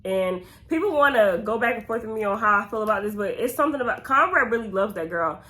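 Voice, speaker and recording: A woman's voice: mid-range voice, expressive, fast, bright, forceful tone. A young woman from Georgia with a Southern accent, chatting through a get-to-know-me Q&A in a rambling, easygoing way. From Georgia, USA. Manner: chatty and rambling, drifts off on tangents. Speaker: YouTuber. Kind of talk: casual Q&A vlog.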